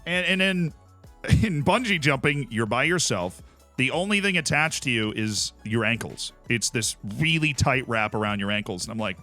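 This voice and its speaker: Animated, bright-voiced man telling stories. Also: medium pitch, normal speed, faint music behind. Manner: animated storytelling, laughs often. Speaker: streamer. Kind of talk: casual chat while playing a game.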